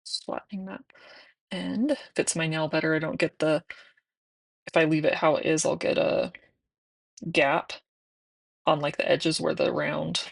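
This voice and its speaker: Chatty woman with a gravelly low voice. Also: steady tone, a little slow, long pauses. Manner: chatty, sometimes drifting into soft whispers. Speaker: nail vlogger. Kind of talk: casual chat while doing nails.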